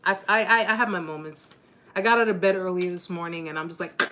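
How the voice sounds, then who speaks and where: A woman's voice: lowish voice, quick pace, fairly bright tone. Woman in her 40s, live-stream host, bubbly, jokey, laughs a lot, faint hiss behind. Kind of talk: casual live-stream chat.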